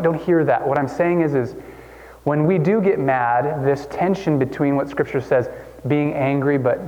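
A man's voice: medium pitch, darkish tone, lo-fi sound. Conversational male pastor in a reverberant sanctuary. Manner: conversational, self-deprecating, many restarts. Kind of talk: sermon.

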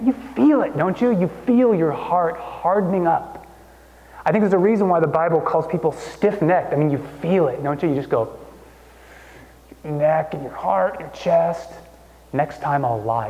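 A man in his thirties preaching a sermon in a church, conversational and animated, jumping up in pitch to make a point. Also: dull audio. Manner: conversational, animated storytelling with sudden pitch jumps. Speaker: pastor. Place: church hall. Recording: long hall reverb.

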